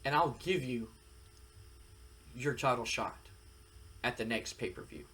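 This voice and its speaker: A man's voice: mid-range voice, a little slow, a bit bright, lightly acted. A man voicing a scheming, middle-aged male wrestling boss who bargains and placates. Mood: bargaining.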